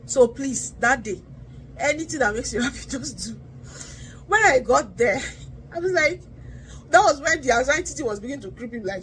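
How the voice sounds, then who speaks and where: A woman's voice: a little high, expressive, normal speed, fairly bright tone, a little hiss or hum, rough recording. A woman talking casually to camera about driving, earnest and chatty, with lots of "you know" and "like". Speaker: vlogger sharing driving test advice.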